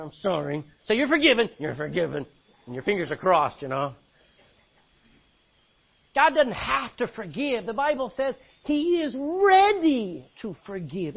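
A man preaching a sermon, swinging between loud emphatic bursts and quiet, low asides. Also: muffled recording. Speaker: pastor.

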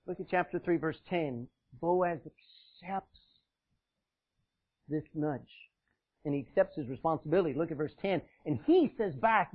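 Male pastor, high and lively voice, husky, dull lo-fi recording. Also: measured pace. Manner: animated, swings from loud emphasis to hushed asides. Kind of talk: sermon. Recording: dull, lo-fi sound.

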